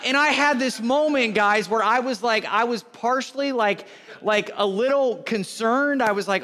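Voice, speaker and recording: A middle-aged pastor, telling a rambling story from the stage in a chatty way. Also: male voice, very high-pitched, brisk, sharp tone. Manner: chatty, rambling anecdotes with restarts. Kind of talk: conversational sermon storytelling. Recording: reverberant hall.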